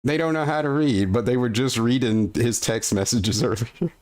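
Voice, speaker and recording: A man's voice: mid-range voice, normal speed, darkish tone. A man streaming, reacting to a video with incredulous, ranting commentary and casual swearing.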